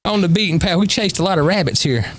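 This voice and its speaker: A man's voice: high-pitched, lively intonation, fast, a bit bright. A man hosting a casual talk show, playful, laughing often and quoting movie lines. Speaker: radio show host. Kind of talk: casual chat.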